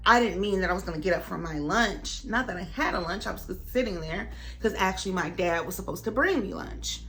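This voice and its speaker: A woman's voice: fairly low pitch, a little fast, faint music behind. A young woman vlogger casually recounting a workplace story, acting out each line she quotes with lots of expression. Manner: animated, dramatic retelling with voiced quotes.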